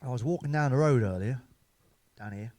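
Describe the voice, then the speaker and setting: A man's voice: medium pitch, fairly quick, mellow. A middle-aged man, telling coarse, swearing jokes in a casual stand-up monologue. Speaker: stand-up comedian. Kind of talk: joke-telling monologue to camera.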